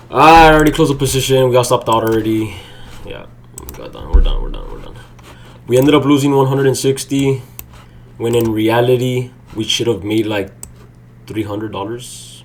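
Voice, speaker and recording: A young man livestreaming his day trading, swearing and swinging between low muttering and loud outbursts. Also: expressive, moderate pace, a little hiss or hum. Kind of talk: live streaming commentary.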